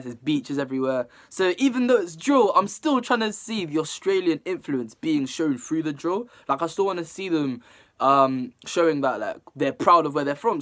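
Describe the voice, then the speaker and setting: Lively young man reacting. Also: on the high side. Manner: chatty and animated, breaking down lyrics, bursts of loud laughter. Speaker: music reaction channel host. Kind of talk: casual reaction commentary.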